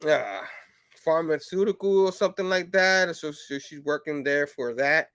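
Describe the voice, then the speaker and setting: A man hosting a casual comic review show, rambling with lots of fillers and breaking into animated quoted bits. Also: fairly high pitch, moderate pace, smooth, no echo. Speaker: comic book show host.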